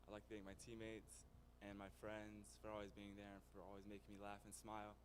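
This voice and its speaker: A man's voice: fairly low pitch, monotone, brisk, noisy background. A teenage boy, a student athlete, steadily listing his thanks to coaches and family. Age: teens. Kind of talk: thank-you speech.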